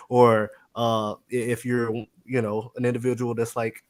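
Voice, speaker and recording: Male guest, mid-pitched, animated storyteller who acts out quotes. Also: normal speed. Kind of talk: casual faith-based conversation.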